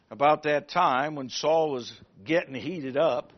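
A man preaching a sermon, retelling a story in an animated way and asking the congregation questions. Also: fairly high pitch, unhurried, hardly any pauses. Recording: muffled lo-fi recording.

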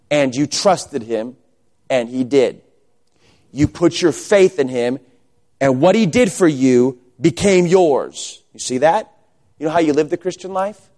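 A pastor preaching a sermon to his congregation in a church. He keeps asking rhetorical questions and swings between quiet low asides and loud, raised emphasis. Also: lively intonation, measured pace. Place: church sanctuary.

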